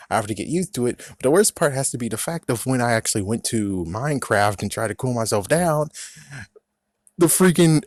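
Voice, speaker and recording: A man's voice: mid-range voice, no echo, studio quality. A young man in a profane, angry rant reviewing a video game, mocking its designers in put-on voices. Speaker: gaming vlogger.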